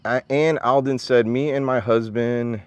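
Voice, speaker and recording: A man livestreaming from his farm, chatting with viewers and calling to his animals in a high voice, a little out of breath. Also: steady tone, measured pace, no room sound. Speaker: vlogger, farm owner. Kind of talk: casual livestream vlog. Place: outdoors on a farm.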